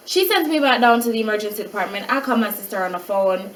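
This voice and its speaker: A mother in a casual vlog, retelling a hospital night in an animated way and acting out what other people said. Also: mid-range voice, fast, few pauses, recorded from a distance, a little hiss or hum, low-quality recording. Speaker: mother of a child with a rare syndrome.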